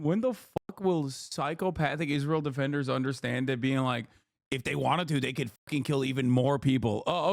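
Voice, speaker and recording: A man's voice: a little high, gravelly, no echo. A man reacting to a video as a streamer, ranting in casual, profane, sarcastic commentary on a close mic.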